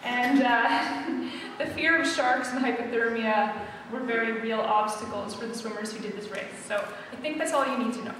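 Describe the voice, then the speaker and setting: A woman novelist speaks at a live event in an opera centre hall, first chatting about her book, then reading aloud a scene told in first person. Her pitch is somewhat high and her pace moderate. The recording picks up the echoey hall from a distance, with noise in the background.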